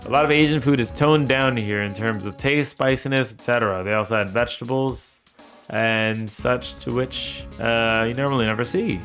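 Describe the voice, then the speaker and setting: A man's voice: mid-range voice, moderate pace, a bit bright, faint music behind. A man streaming a game, chatting casually, laughing often and reading its dialogue aloud. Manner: reads all the game's characters aloud, laughs often, swears. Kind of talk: casual let's-play chat with read-aloud game dialogue. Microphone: desk microphone.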